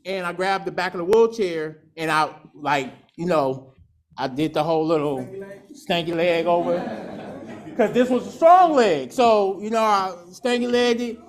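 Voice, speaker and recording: High-voiced man telling a raw recovery story. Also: a little hiss or hum. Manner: candid, profane, storytelling with laughs and acted quotes. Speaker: alumni speaker sharing recovery story. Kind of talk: personal testimony at a recovery meeting.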